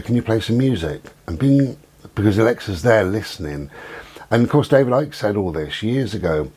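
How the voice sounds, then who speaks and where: A man hosting his own channel, giving a rambling, conspiratorial monologue with many pauses and fillers. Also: on the low side, darkish tone. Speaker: channel host.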